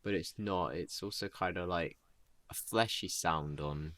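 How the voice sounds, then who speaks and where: A man with a very low voice that still comes through bright and forceful spins a loose, rambling story. He talks in a casual, laid-back way, full of "like" and "you know." The sound is dry and close. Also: unhurried, dry recording. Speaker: storyteller improvising a tale.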